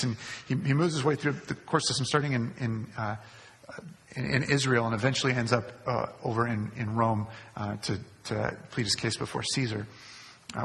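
A man's voice: mid-range voice, fairly bright tone, a little hiss or hum. A male pastor preaching a sermon, repeating key phrases for emphasis. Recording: long hall reverb.

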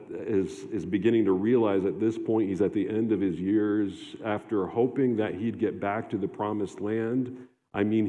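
A man preaching a sermon as a pastor, talking conversationally with halting restarts and fillers. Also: lowish voice, mellow. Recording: long hall reverb, dull lo-fi sound.

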